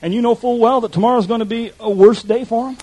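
Husky-voiced man preaching a sermon. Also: extremely high pitch, fairly even intonation, fast talker, dark tone, low-quality recording. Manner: impassioned, addresses the congregation directly. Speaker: pastor.

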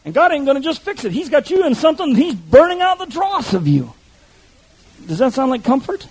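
A man's voice: extremely high pitch, sing-song, a little fast, poor audio. A male pastor preaching an impassioned sermon, speaking directly to his congregation.

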